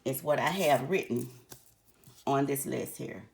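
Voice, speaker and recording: A woman's voice: very deep voice, a little slow, creaky, a little mellow. An older woman teaching a recipe in a chatty way, often calling her viewers honey. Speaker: home cook. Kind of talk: cooking tutorial.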